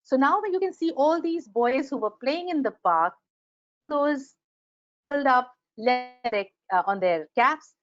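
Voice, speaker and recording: Animated Indian English woman teaching. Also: sits high, measured pace, no echo, highs cut off. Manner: animated, acts out example sentences. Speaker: teacher giving a webinar. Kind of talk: webinar lecture. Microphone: computer microphone on a video call.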